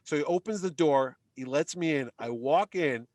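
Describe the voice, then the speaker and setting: Excitable middle-aged man telling a story. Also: normal speed, no echo. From Connecticut. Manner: excitable, acts out quotes with big pitch jumps. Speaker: podcast guest telling a story. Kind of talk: animated storytelling.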